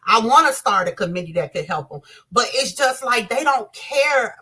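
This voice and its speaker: A woman talks straight to her viewers, impassioned and direct. Her voice sits a little high, bright and forceful, with a husky edge. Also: expressive, moderate pace. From Southern US. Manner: impassioned, addresses viewers as y'all. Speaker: commentator. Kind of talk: emotional commentary to viewers.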